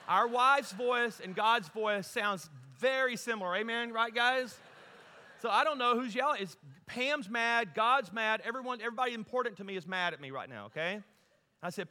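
A middle-aged man from Louisiana, preaching a humorous storytelling sermon that moves from loud to hushed. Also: high voice. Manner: animated, humorous, folksy, shifts from loud to hushed. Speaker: guest preacher. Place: church sanctuary. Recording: long reverb in a large hall.

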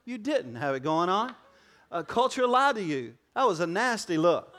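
A man's voice: sits high, sing-song, moderate pace, a bit bright, a little hiss or hum. A man preaching a sermon to a church congregation, joking and conversational, with frequent asides to the audience. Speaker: pastor. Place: church auditorium before a congregation.

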